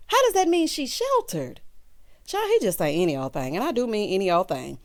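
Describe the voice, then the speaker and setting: A woman hosting a casual reality-show recap, talking sassily and straight to her viewers, with big jumps in pitch for emphasis. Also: brisk. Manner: sassy, animated, talks straight to the viewers. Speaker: TV recap host.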